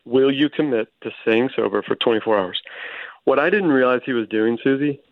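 A man guest telling his recovery story in an earnest, animated way, with quick restarts, on a Christian talk show. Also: mid-range voice, no echo. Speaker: guest author. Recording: tinny phone-line sound.

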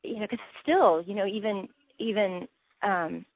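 A woman, a Bible teacher guest, talking earnestly in a casual faith interview, with many halting restarts. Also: mid-range voice, no echo. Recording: tinny phone line.

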